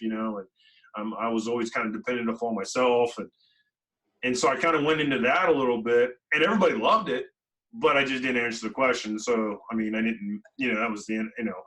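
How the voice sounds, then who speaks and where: A man telling a personal story as a podcast guest, animated and full of fillers and quoted dialogue. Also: medium pitch, recorded from a distance, rough recording. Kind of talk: conversational storytelling.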